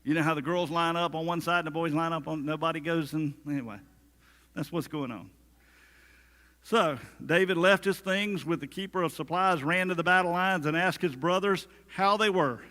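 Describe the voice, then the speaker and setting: In a church sanctuary, a male pastor delivers a sermon in a fairly high, sharp voice at normal speed, and the room gives it a long reverb tail. His style is conversational, full of jokes on the side and quotes he performs.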